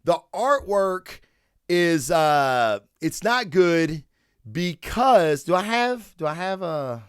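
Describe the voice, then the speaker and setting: This man's voice sits on the high side with big pitch swings and a clean tone, recorded in a studio with no echo. Hosting a comic book review podcast, he's loose, jokey and profane, quick to act out scenes in casual chat.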